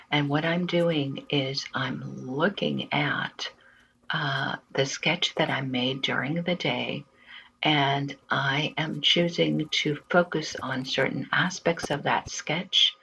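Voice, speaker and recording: A woman narrating her art vlog at an unhurried pace, her voice gravelly with a bright edge. She speaks plainly and candidly in a relaxed, reflective way, with the odd small filler. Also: low-pitched, slight background noise, low-quality recording. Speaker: vlogger and artist.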